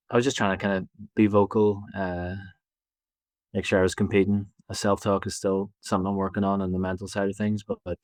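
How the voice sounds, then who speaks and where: A man in his twenties with a Belfast accent, talking casually as an interview guest, relaxed and halting with many fillers. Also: deep voice, no echo. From Northern Ireland. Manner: easygoing, halting, lots of fillers and restarts. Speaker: basketball player guest.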